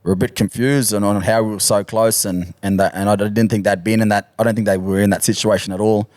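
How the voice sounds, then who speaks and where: A man, a rugby league player and podcast guest, telling stories in a relaxed, halting way and laughing easily. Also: fairly low pitch, no echo. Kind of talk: casual storytelling chat.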